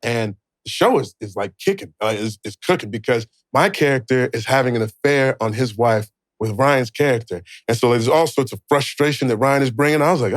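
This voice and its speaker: A man in his thirties co-hosting a podcast, telling a story in a lively way and acting out the quoted lines. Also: mid-range voice, fairly quick, few pauses, no room sound. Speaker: podcast co-host. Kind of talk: casual storytelling.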